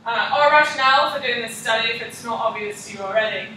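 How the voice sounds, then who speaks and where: A woman's voice: fairly high pitch, fast talker, bright, forceful tone, a little hiss or hum. A young woman, a student, practicing a class presentation and reading from prepared slides with frequent ums. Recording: echoey room, mic far off.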